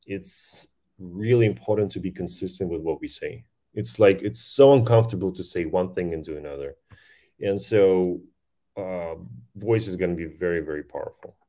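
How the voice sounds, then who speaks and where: A man speaking as a guest on a podcast interview, talking quickly and eagerly with frequent restarts. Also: deep voice, darkish tone. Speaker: podcast guest, voice-tech company founder.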